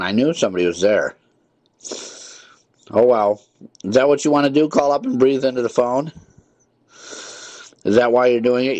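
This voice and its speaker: A man's voice: mid-range voice, darkish tone, no echo. A male call-in radio host scolding prank callers in an irritated, repetitive way. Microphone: studio mic with headphones.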